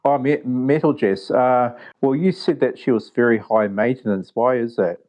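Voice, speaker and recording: A man's voice: mid-range voice, moderate pace, lo-fi sound. A man with an accent that sounds a bit British, a guest on a podcast, talking hesitantly with many ums and restarts. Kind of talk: casual podcast chat.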